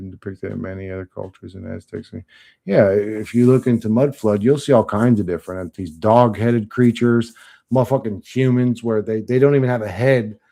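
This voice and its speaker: A man's voice: on the low side, vocal fry, mellow. A man on a livestream, reading chat comments and answering them in blunt, profane, rambling talk.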